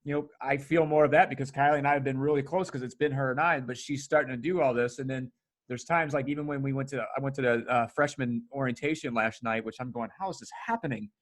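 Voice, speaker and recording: رجل سريع الكلام كثير الشتائم. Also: male voice, mid-range voice. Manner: fast, profane and excitable, often laughing. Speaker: podcast host. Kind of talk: casual podcast conversation.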